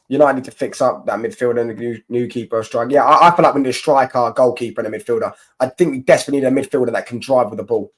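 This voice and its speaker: Young man bantering on a football live stream. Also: mid-range voice. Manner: banter-heavy, mocking rival fans, rambling with restarts. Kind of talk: casual live stream chat reading comments.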